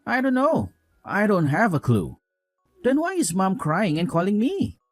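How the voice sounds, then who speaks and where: A man plays a young husband who blindly takes his mother's side and scolds his wife with contempt. His pitch jumps around a great deal as he lectures. The sound is dry and close, with faint music underneath. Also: huge pitch swings, a little slow, dry recording, exaggerated voice. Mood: scornful. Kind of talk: voiced drama story.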